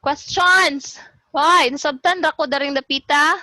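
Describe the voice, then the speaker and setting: A woman's voice: high voice, unhurried, pushed and bright, no echo, poor audio. A woman with a Filipino accent teaching an online class over a video call. She mixes English and Cebuano and drills words by repeating them.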